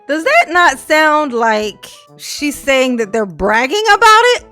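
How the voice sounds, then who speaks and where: A high-pitched woman reads a letter aloud and picks it apart in casual, mocking commentary. She laughs often and talks in a loose, chatty way full of rhetorical questions. Faint music plays in the background. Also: big pitch swings, measured pace, a bit bright. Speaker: channel host reading and reacting to a letter.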